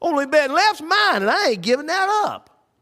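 A man voicing a gruff male innkeeper with a folksy drawl. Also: extremely high pitch, big pitch swings, moderate pace, pushed and bright, pitched above the performer's own voice, heavily acted. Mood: grumbling. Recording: echoey hall.

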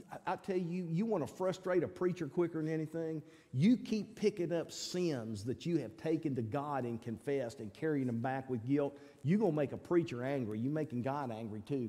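Preacher, male, mellow and a bit high, emphatic sermon delivery, long church reverb. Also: animated, moderate pace. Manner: emphatic, swings between loud appeals and low asides. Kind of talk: sermon with altar call. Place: church sanctuary.

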